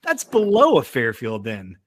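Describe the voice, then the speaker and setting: A man's voice: medium pitch, wildly swooping pitch, unhurried, crowd noise. Teasing man hosting a sports podcast. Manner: joking, teasing, self-described hotel snob. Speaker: podcast host. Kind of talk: casual sports podcast banter.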